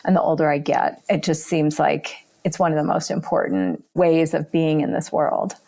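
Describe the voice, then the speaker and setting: A woman's voice: sits low, moderate pace, vocal fry. A woman guest on a podcast, talking loosely about leading wilderness retreats, with lots of casual fillers. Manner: relaxed, many fillers like "like" and "you know". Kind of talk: podcast conversation.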